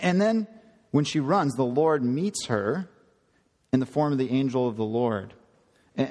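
A man preaching a sermon, retelling a scripture story with lively acted-out voices. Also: mid-range voice, big-room sound. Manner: animated storytelling, acting out quoted voices.

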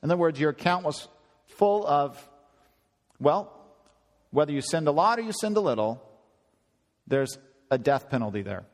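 A man preaching a conversational sermon, often climbing higher in pitch for emphasis. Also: moderate pace, long pauses. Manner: conversational, animated, rising to high emphasis. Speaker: pastor. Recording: long hall reverb.

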